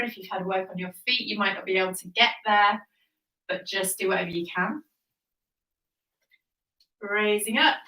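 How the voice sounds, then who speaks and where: A woman leading a Pilates workout, cueing each move calmly and encouragingly, a little out of breath as she exercises along. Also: medium pitch, recorded from a distance. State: slightly out of breath. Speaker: Pilates instructor. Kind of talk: guided workout instruction. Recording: echoey room, voice off-mic.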